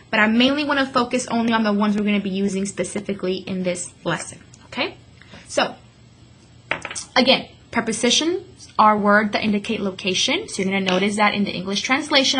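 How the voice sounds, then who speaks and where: Woman teacher doing spanish vocab, kinda high bright voice, says each word slow then again. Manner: repeats words slowly for students to echo. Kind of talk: classroom lesson.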